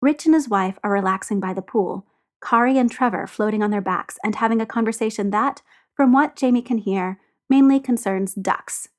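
Female audiobook narrator, even and expressive. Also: a little high, normal speed. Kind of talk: reading fiction aloud.

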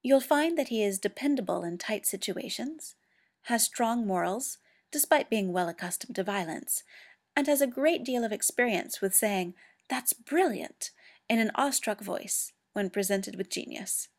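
A woman's voice: mid-range voice, lively intonation, lightly acted. A woman doing Mycroft, cool and clinical. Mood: dry. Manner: measured and clinical. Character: cool, precise, aloof government man.

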